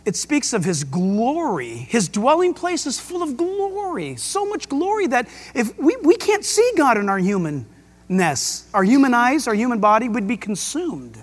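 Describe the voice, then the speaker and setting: A man preaching a sermon as pastor, emphatic and excitable, with jokes and rhetorical questions. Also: extremely high pitch, a little slow. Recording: long hall reverb.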